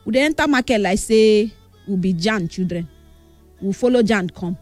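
A young Nigerian woman chatting casually in Pidgin and English, telling animated stories with exclamations. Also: medium pitch, normal speed, dry recording, soft background music. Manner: animated storytelling, code-switching, exclaiming.

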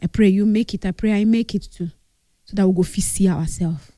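A woman's voice: mid-range voice, a little fast, mellow, dry recording, studio quality. Grieving Nigerian woman, earnest tribute. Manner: earnest, mixes English with Pidgin. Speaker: grieving friend giving a tribute. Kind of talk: emotional spoken tribute.

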